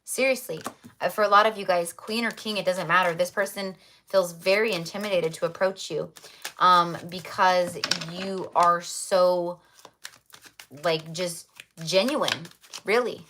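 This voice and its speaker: Chatty woman tarot reader, low-pitched. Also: unhurried, a bit bright, a little hiss or hum. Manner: repetitive, affirming, spiritual phrasing; chatty with fillers. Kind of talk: livestreamed tarot reading.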